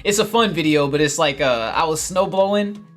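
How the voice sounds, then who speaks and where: A man's voice: a little high, moderate pace, a bit bright, faint music behind. A man hosting a gardening livestream, reading viewer comments in a casual chat, laughing often and repeating his phrases.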